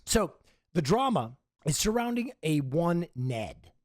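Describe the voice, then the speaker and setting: A man's voice: fairly high pitch, very animated, takes it slowly, no echo, clean studio sound. A man streamer giving a profane, emphatic commentary rant in a conversational way.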